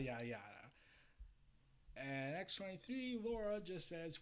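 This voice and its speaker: A man's voice: fairly high pitch, very animated, measured pace, pauses often. Chatty man reviewing comics. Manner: chatty, with stumbles and fillers. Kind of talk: casual comic review and summary.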